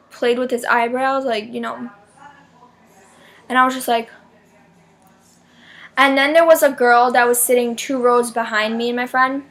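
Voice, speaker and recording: A young woman vloggs to camera about a concert with breathless fan excitement. Her voice sits a bit high, and she keeps filling her sentences with "like". Now and then she jumps into loud squealing bursts. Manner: gushing fan, shrieks names in high bursts; heavy "like" filler, chatty and dramatic. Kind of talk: excited casual vlog storytelling.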